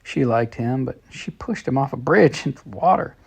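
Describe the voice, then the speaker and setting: Gravelly man reading a storybook. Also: medium pitch, animated, normal speed. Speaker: storybook reader. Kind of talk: reading a children's story in diary letters.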